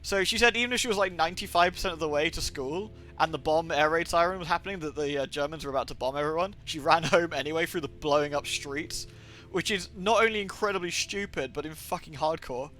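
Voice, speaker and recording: A man's voice: on the high side, fast, pushed and bright, a little hiss or hum. Rambling young English man streaming. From England. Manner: rambling, swears often, many fillers. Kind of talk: livestream gaming chat.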